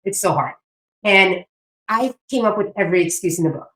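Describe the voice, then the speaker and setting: A woman's voice: medium pitch, fairly quick, fairly bright tone. A candid woman co-hosting a casual podcast, with a mid-range voice. She tells personal stories openly and speeds up as she goes. The room adds a noticeable echo. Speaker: podcast co-host. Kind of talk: casual chat.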